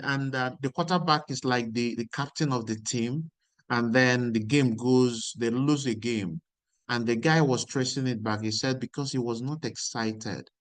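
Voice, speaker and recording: A man's voice: medium pitch, dry recording. A man giving a motivational lecture, emphatic and repeating key lines. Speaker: speaker.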